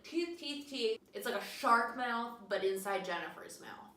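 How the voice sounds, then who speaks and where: A young woman hosting a podcast, tipsy on wine, recapping a film in a jokey, animated way and acting out quotes. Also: a little high, moderate pace. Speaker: podcast host. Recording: echoey room, distant mic, faint noise.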